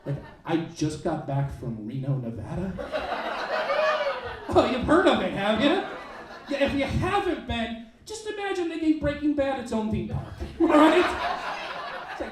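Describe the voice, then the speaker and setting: A man performing a stand-up comedy set on a club stage, acting out characters in quick bits. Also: high voice, lively intonation, heavy reverb, recorded from a distance, background noise. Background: audience laughter.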